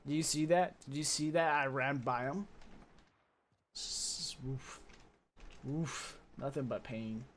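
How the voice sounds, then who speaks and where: A man talking casually over his own gameplay, chatty and self-mocking, with sudden loud bursts of frustration. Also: medium pitch, slow pace, long pauses. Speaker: gaming streamer.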